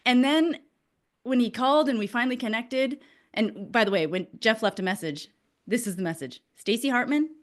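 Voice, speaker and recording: A woman's voice: on the high side, moderate pace. A woman, a business coach hosting, speaking candidly, emotional and blunt, swearing freely. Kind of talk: candid conversational talk.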